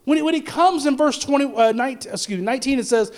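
High-pitched impassioned preacher. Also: male voice, quick pace. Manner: impassioned preaching, swinging between loud and low; stumbles and restarts often. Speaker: pastor. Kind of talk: sermon.

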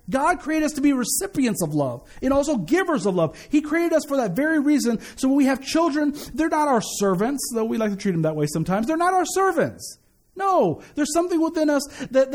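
A pastor preaching a sermon in a church, talking to the congregation in a loose, conversational way with joking asides. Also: male voice, extremely high pitch, a little mellow. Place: church sanctuary.

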